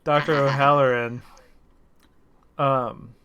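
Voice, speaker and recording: A male game master narrating a tabletop role-playing game. He speaks slowly in a middle pitch, pausing often and restarting his sentences as he thinks. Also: flat delivery, highs cut off, noisy background. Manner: hesitant, full of "um"s and restarts.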